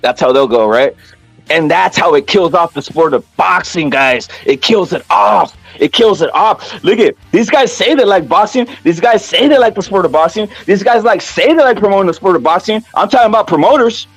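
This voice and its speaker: A man's voice: high-pitched, lively intonation, a little fast, no echo, faint music behind. A man hosting a casual boxing rant, profane, repetitive and heated. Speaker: boxing commentary channel host.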